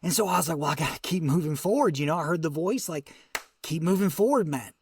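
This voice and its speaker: A man's voice: fast, gravelly, husky, dry recording. Man telling a survival story, dry close sound. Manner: vivid storytelling, voice dropping low and soft at emotional moments. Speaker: guest.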